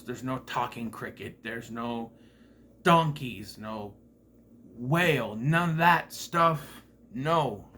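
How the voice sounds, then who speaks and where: A man's voice: medium pitch, fairly bright tone, slight background noise. A man giving a casual movie review in a sarcastic, profane, exasperated way.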